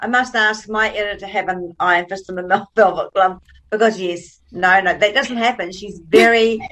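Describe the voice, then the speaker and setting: A woman's voice: mid-range voice, steady tone, moderate pace, fairly bright tone. A woman hosting a radio interview, chiming in with friendly, joking asides. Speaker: radio host.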